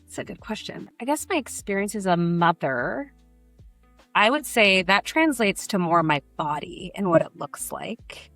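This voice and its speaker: A middle-aged woman from Brazil, a burlesque performer, telling candid, animated stories in an interview and acting out the people she quotes. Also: medium pitch, measured pace, no echo, faint music behind. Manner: animated, emotional storytelling with acted quotes.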